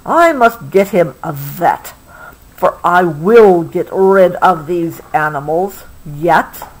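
A woman's voice: on the low side, expressive, slow, slightly rough, voice pushed down, full character voice, rough recording. A woman reading a picture book aloud, giving the lines of a grumpy man who wants to live alone. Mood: grumbling.

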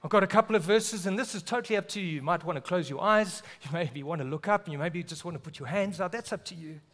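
A man from South Africa preaching a sermon in church, earnest, often dropping to a hushed, low voice on key words. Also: fast. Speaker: pastor.

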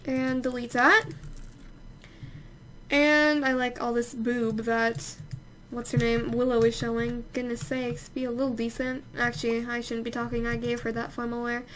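A woman's voice: fairly high pitch, flat delivery, moderate pace, fairly bright tone, a little hiss or hum. A young woman chatting casually while playing a life-sim game, exclaiming and scolding the characters. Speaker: let's play host. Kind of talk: casual gameplay commentary.

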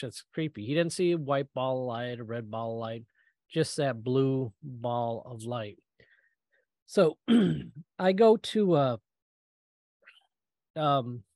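A middle-aged man giving a storytelling talk, lively and acting out the voices he quotes, with frequent ums and uhs. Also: mid-range voice, dry recording. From Michigan, US. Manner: animated, acts out quoted voices, many fillers. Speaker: guest speaker.

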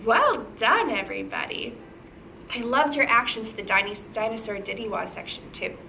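A woman's voice: medium pitch, brisk, creaky, bright, forceful tone, slight background noise. A woman leading a children's music lesson, singing in a bouncy sing-song way and calling out cheerful praise and cues. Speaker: kindergarten music teacher.

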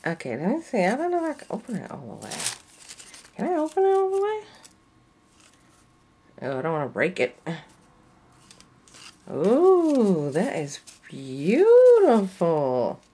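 A woman's voice: on the low side, wildly swooping pitch, unhurried, long pauses, a little mellow. Gushing woman unboxing a craft kit. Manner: effusive, breathy gasps and squeals of delight. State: sleepy. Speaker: craft vlogger.

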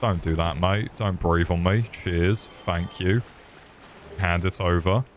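A young British man giving live gameplay commentary, excitable and sweary as he chats with viewers. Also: low voice, slow, a little hiss or hum. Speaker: streamer.

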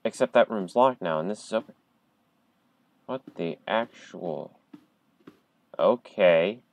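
A man on a headset at home, playing a horror game in casual commentary, jumpy and chatty with viewers, breaking into loud startled outbursts. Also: low voice, takes it slowly, poor audio. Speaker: gamer streaming a horror game.

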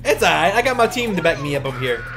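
A gaming video host giving let's play commentary, excitable, breaking into shrieking laughs and shouts. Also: medium pitch, rapid-fire. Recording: loud background music.

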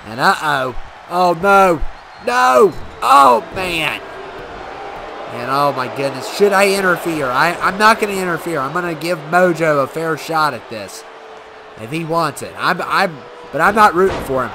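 Excitable man calling a wrestling game. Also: fairly high pitch, normal speed. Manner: excitable, shouts and cheers at big moments. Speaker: gaming channel host. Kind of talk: excited play-by-play commentary over a wrestling video game. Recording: loud game crowd and noise behind.

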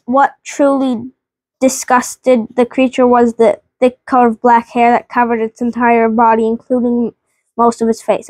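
A woman's voice: a little high, dry recording. A woman hosting a family vlog, reading a children's book aloud with frequent stumbles and restarts.

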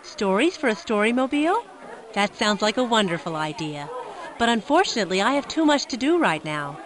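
A woman voicing a busy, friendly schoolteacher in a children's game, talking quickly and chattily. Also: mid-range voice, sing-song, a crowd in the background, noisy background, lightly acted. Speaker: teacher character.

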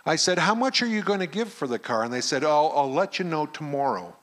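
A man's voice: a little high, brisk. A middle-aged man, a pastor telling a personal story in a sermon at a camp meeting and acting out the dialogue. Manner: animated storyteller who acts out the dialogue.

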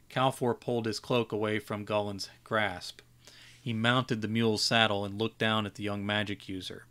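A man's voice: lowish voice, flat delivery, fairly bright tone, smooth. A man reading his own fantasy story aloud during a live editing session, often stopping to restart and correct a phrase. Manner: reads slowly with frequent restarts and self-corrections.

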